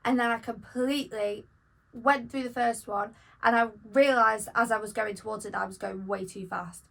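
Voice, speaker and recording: Young female podcast co-host, slightly high, gravelly fry, animated and teasing. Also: moderate pace, poor audio. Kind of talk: casual chat.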